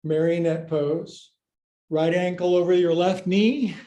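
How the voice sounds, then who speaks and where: An older man with a high voice leads a live yoga class. He talks in quick, playful cues and counts each hold, and he runs a little short of breath along the way. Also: steady tone, mellow. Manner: upbeat, playful coaching cues, counting reps. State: out of breath at times. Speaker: yoga teacher.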